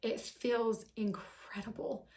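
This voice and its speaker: Woman tarot reader, young adult, fairly high voice, gushing and heartfelt, casual delivery. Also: flat delivery, slow, a little mellow. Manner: emotional, affectionate, gushing, sighing "whew". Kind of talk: casual tarot reading to camera.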